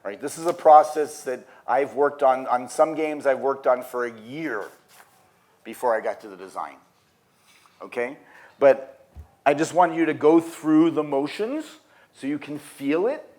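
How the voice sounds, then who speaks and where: Man, mid pitch, relaxed festival workshop leader, loose and lively. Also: a little slow. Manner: casual, animated storytelling with frequent fillers. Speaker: design workshop speaker. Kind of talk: live workshop talk. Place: conference venue.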